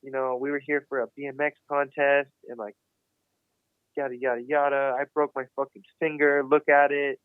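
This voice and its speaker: A man's voice: medium pitch, moderate pace, clean tone, dry recording. A young man tells a story as a podcast guest, swearing freely and playing up the drama. His voice comes through thin and phone-like, with no room sound around it. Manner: swears constantly, animated and dramatic retelling. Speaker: podcast guest, BMX rider. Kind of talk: casual storytelling. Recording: dry, phone-like narrow sound.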